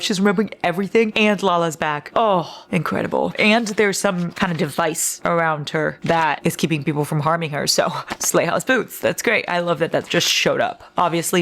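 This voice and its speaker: A young woman vlogging as she reads, talking casually and reacting with dramatic, gushing outbursts that are laced with swearing. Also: on the low side. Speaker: book vlogger. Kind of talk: casual reading vlog.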